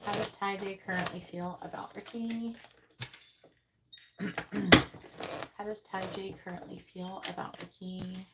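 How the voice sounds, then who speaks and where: A woman's voice: medium pitch, fairly even intonation, measured pace, long pauses, very noisy. Blunt, profane woman tarot reader. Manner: blunt, profane, exasperated ranting. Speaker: tarot reader hosting a livestream. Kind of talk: casual livestream talk. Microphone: earbuds.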